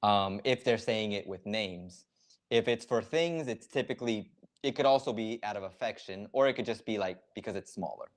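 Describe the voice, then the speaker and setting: A man with a fairly low voice talks casually on a live reaction stream. He explains slang step by step and leans on filler words as he goes. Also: normal speed.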